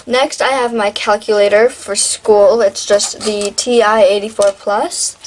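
A woman's voice: mid-range voice, fairly even intonation, measured pace, slight background noise, rough recording. A teenage girl in a casual show-and-tell vlog, talking in a chatty, rambling way with lots of fillers and restarts. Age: teens. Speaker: vlogger.

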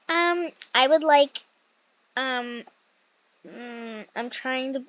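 This young woman runs a gaming channel and talks through a role-play game in a loose, rambling style, frequently fixing what she's just said. Her voice leans high and keeps a measured pace with no room sound, though the mic is dull and lo-fi.

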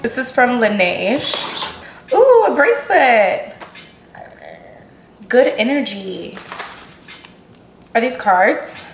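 A woman, chatting excitedly to viewers while unboxing gifts at home, gasping and gushing as she goes. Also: a little high, extremely slow, long pauses, soft background music. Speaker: vlogger. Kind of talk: casual unboxing vlog. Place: room at home. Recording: echoey room with background noise.

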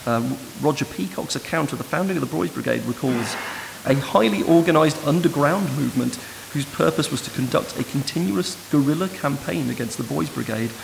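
Male lecturer, gravelly voice, long hall reverb, steady hiss. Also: a little high, a little fast, few pauses. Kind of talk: academic lecture. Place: lecture room.

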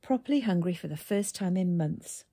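A woman's voice: fairly low pitch, expressive, moderate pace, warm tone, husky. A woman doing a relieved, hopeful father. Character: recovering father, grateful and hopeful.

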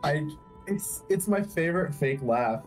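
A man's voice: a little high, animated, a little slow, soft background music. A man chatting and teasing a friend during a casual let's-play. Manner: laughing, teasing. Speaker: co-commentator.

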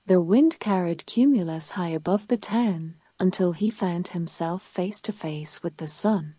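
Slow, soothing woman reading a bedtime story. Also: fairly low pitch, no echo. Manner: calm, soothing. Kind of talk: bedtime story read-aloud.

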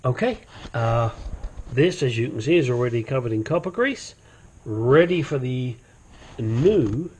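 A man's voice: medium pitch, animated, unhurried, a little mellow, breathy edge. A man hosting a home mechanic channel, chatting casually through a brake and control arm job, swearing now and then and wandering into asides. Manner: puts on a silly accent at times. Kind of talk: casual how-to narration while working.

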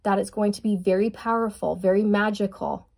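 A woman giving a casual tarot reading, speaking straight to her viewers in a gushing, excitable way. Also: mid-range voice, fairly quick, slight background noise. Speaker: tarot reader.

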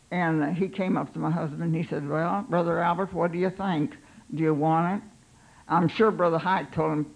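An older woman, a pastor's wife, telling her life story in an unhurried, halting way, voicing her own thoughts aloud. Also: sits low, creaky, a little mellow, poor audio.

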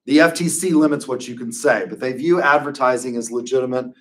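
A man's voice: mid-range voice, fairly quick, fairly bright tone. A man giving a conversational classroom lecture as a professor, full of wry, digressive asides.

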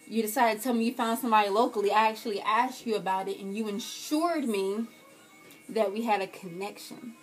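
Fiery young woman ranting, high voice. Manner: profane, dramatic, swings between loud outbursts and quiet hurt. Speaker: vlogger. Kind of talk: comedic rant to camera.

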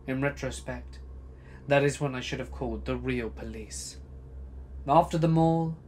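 A man reading a scary true story as a narrator, dramatic, swinging between loud bursts and hushed asides. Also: medium pitch, a little hiss or hum. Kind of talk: scripted horror story narration.

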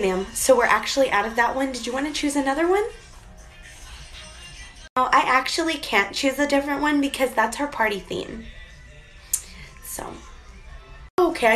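A woman's voice: fairly high pitch, a bit bright. A woman acting out both a polite store clerk and a pushy, demanding mother in a comedy skit. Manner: polite clerk, blunt insistent customer.

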